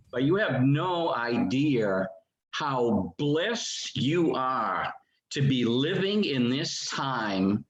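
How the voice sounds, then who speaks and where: A man in his seventies calling in to a talk show, speaking earnestly and with emotion. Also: medium pitch. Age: 70s. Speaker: caller. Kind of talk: casual call-in sharing. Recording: dull, roomy call audio.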